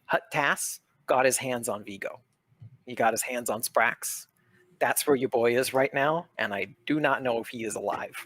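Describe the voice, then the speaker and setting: A man's voice: mid-range voice, moderate pace, a bit bright. A man narrating as game master of a tabletop role-playing session, chatty and loose. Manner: casual, chatty, lots of fillers.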